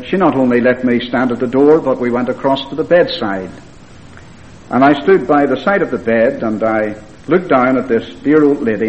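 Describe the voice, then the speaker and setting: An earnest preacher, a man, recounts a visit in a plain, measured manner at a middling pitch. The recording is dull and lo-fi, with the highs rolled off. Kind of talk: sermon storytelling.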